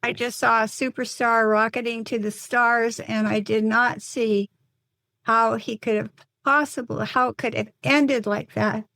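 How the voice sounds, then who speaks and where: A woman's voice: fairly high pitch, fairly even intonation, gravelly, a bit bright, dry recording. Earnest older woman telling a painful story. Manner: earnest, halting, with frequent restarts. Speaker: guest, psychotherapist and mother. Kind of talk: emotional personal storytelling in an interview.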